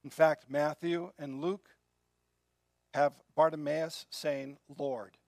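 A man preaching a sermon in an earnest way, often dropping to a soft, quiet voice. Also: a little high, level tone, slow pace, no echo, clean studio sound. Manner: earnest, drops to soft quiet tones when moved. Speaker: pastor.

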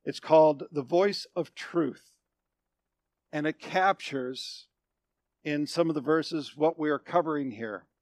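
A male pastor with a high voice preaches at an unhurried pace, swinging between loud proclamations and hushed, low phrases. He repeats and restates his words for weight, and the sound is close and dry with no room echo.

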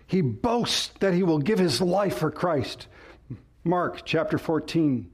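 Man preaching with sharp pitch swings. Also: measured pace, slightly rough. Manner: rises and falls sharply for emphasis, asks the congregation questions. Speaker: pastor. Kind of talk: sermon.

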